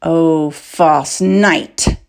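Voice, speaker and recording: A woman reading a novel aloud, voicing a cunning male soldier who barks orders and then sneers quietly. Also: low-pitched, unhurried. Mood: accusing.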